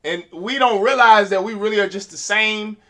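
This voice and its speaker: A man teaching a class in an emphatic preaching style, asking rhetorical questions and rising to loud, forceful delivery. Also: sits high, normal speed. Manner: uses rhetorical questions and quoted voices.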